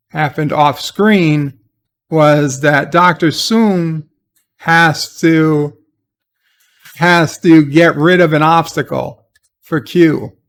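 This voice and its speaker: A man with a slightly high voice talks slowly through a TV episode he is reviewing. He rambles and hesitates, filling gaps with "uh" and "he's like". His asides turn sarcastic and exasperated. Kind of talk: casual spoken episode recap.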